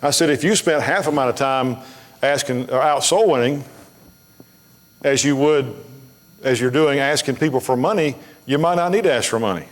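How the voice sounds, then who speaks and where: A man's voice: mid-range voice, normal speed. A man preaching a sermon as pastor, telling folksy stories bluntly and building to emphatic preaching. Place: church sanctuary. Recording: long hall reverb of a church.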